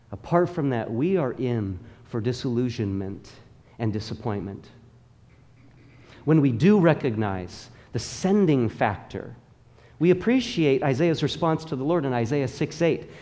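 A man's voice: mid-range voice, mellow. A male pastor preaching a sermon in a church, with emphatic, rhythmic repetition and calls for the congregation to repeat after him. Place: church sanctuary. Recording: long reverb of a large hall.

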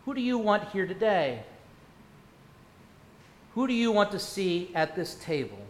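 Male pastor, pitched high, preaching a sermon in a reverberant sanctuary; dynamic, questioning delivery. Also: sing-song, a little slow. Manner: asks many rhetorical questions, swings from loud to hushed. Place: church sanctuary. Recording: echoey church room.

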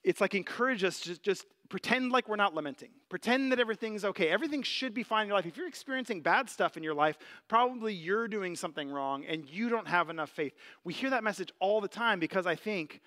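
Bright-voiced preacher in a reverberant hall. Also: male voice, sits high, lively intonation, quick pace, few pauses. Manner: conversational, earnest, many "like" fillers. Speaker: pastor. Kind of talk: sermon.

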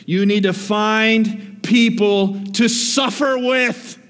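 A man preaches with a high-pitched voice that rings out in a reverberant church hall. He swings between loud, rising calls and quiet, low asides. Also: fairly even intonation, takes it slowly. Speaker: pastor. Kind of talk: sermon.

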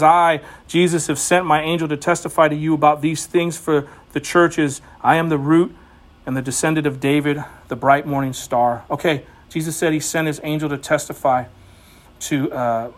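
A male preacher with a somewhat high voice, talking through scripture in a loose, conversational way. He leans hard on his points, and his voice climbs as he presses them. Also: normal speed. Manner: conversational, emphatic, rising to animated exhortation. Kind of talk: informal sermon teaching.

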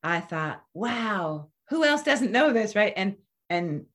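A woman's voice: mid-range voice, slow. Reflective woman in her fifties, chatting. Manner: reflective, animated, trails off mid-sentence. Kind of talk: casual conversation.

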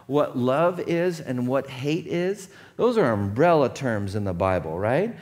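A man's voice: medium pitch, expressive, a little slow, darkish tone. A man preaching a sermon as pastor, conversational and often checking in with his congregation.

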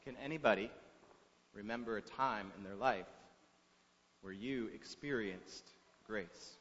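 A man preaching a sermon through storytelling, with long pauses and shifts from soft to loud, heard in an echoey hall on a dull recording. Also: on the low side, husky.

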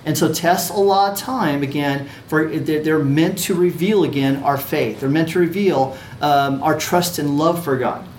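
A man's voice: a little high, unhurried, hardly any pauses. Man teaching, checking in with "right?". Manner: conversational, repeats phrases, checks in with "okay" and "right". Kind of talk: teaching a class on a religious allegory. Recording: echoey room with faint ambient noise.

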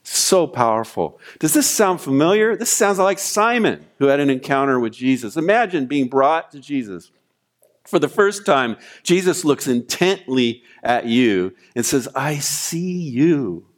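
A man's voice: mid-range voice, expressive, unhurried. A man pastor delivering a sermon in a mid-range voice. He tells stories with animation and reads scripture aloud to his listeners. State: weeping, choked voice in retold prayer.

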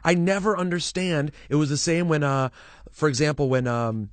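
A man hosting a casual interview, asking quick, probing questions. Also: a little high, dry recording. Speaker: interview host.

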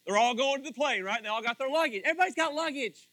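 A man's voice: extremely high pitch, racing, fairly bright tone, no room sound. A man preaching a sermon to his congregation in a playful way, speaking to people directly by name. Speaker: pastor. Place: church before a congregation.

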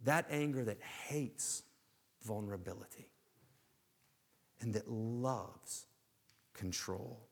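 A male pastor giving a sermon, asking rhetorical questions and swinging between raised emphasis and hushed, low asides. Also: takes it slowly, creaky, pauses often, husky, long reverb tail.

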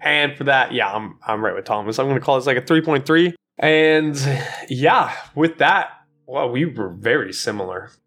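Male podcast co-host, mid-range voice, animated and jokey, stumbles and restarts often. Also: medium pitch, moderate pace. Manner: animated, joking, lots of restarts and fillers. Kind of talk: casual chat.

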